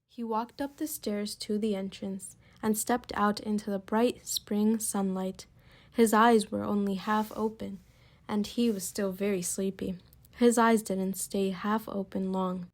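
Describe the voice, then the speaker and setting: A woman reading a picture book aloud, expressive, slowing and lifting her voice for emphasis. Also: mid-range voice. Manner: expressive, slows and rises for emphasis. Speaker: storybook reader.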